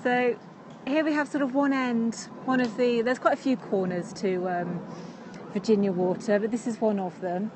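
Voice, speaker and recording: An English woman describes a lakeside walk to her live-stream viewers in a friendly, chatty way. Her voice sits fairly high and is picked up by a phone camera outdoors. Faint birds and passing vehicles can be heard under it. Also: steady tone, normal speed, background noise. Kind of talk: casual walking live stream. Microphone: phone camera while walking.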